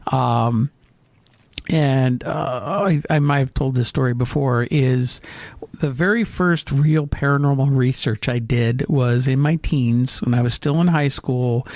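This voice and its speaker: A middle-aged man telling a story in casual chat, with lively restarts and fillers. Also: medium pitch, a little slow, dry recording. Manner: animated anecdote, hesitant fillers. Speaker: co-host.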